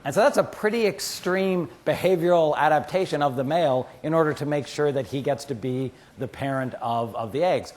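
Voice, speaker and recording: A university lecturer, a man, teaching biology with lively stories and quick asides to the class. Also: on the high side, a little hiss or hum. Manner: animated storyteller, quotes friends in asides. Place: lecture hall.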